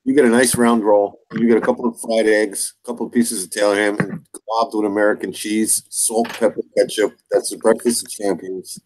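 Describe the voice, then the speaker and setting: A man from New Jersey chats in a fairly low voice, confident and full of teasing. His talk is easygoing and sure of itself. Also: little pitch movement, normal speed, hardly any pauses, a little mellow, a little hiss or hum, rough recording. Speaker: chat participant. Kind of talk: casual group chat.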